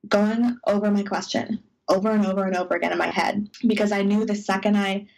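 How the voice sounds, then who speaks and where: A woman cohosting a podcast over a video call, telling a personal story in an animated, emotional way and acting out her own inner voice. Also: medium pitch, a little fast, vocal fry, rough recording. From United States. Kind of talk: casual storytelling chat.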